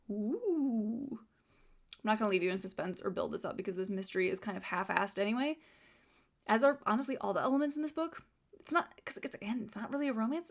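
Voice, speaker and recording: A young woman reviewing a book she dislikes, sarcastic and exasperated, often reading passages aloud. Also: a little high.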